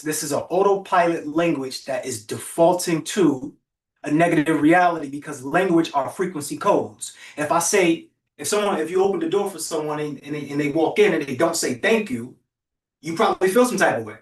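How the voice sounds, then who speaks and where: A man hosting a virtual summit, giving an energetic motivational talk that keeps urging listeners to write in the chat. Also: on the high side, brisk, echoey room, distant mic. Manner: energetic, preachy, repetitive calls to the chat. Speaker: summit host and motivational speaker. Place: virtual event broadcast.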